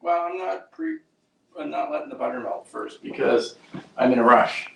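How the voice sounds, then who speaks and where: Gravelly man with dry interjections. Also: a little high, animated, moderate pace, noisy background. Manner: dry, short off-mic interjections. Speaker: co-host of a live online show. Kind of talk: casual live-stream chat.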